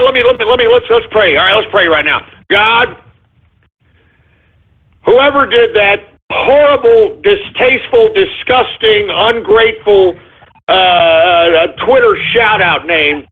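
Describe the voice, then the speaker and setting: High, husky-voiced hot-tempered male radio host. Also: measured pace, narrow, tinny audio. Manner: hot-tempered, profane ranting with shouted outbursts. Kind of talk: live internet radio talk, reading shout-outs.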